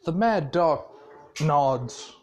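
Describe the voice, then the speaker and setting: Guy telling a made-up fan story, slightly high voice, laid-back, swears a lot. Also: expressive, very slow. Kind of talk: casual improvised fan-story narration.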